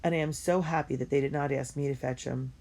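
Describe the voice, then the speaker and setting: A woman reading a first-person diary story aloud in an earnest and expressive way. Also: a bass voice, quick pace. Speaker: audiobook reader.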